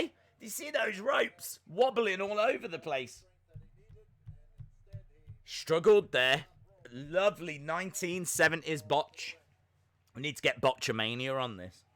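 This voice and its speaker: A young man hosting a live wrestling watch-along, chatting excitedly, rambling and flustered as he reads viewer comments. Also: on the high side. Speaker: livestream host reacting to wrestling.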